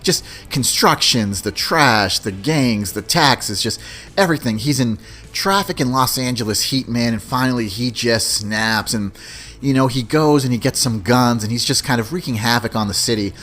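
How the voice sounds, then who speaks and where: A man in his forties runs a solo podcast movie countdown, speaking at a moderate pace in a mid-range, a bit bright voice. He's loose and casual, often adding "you know what I mean."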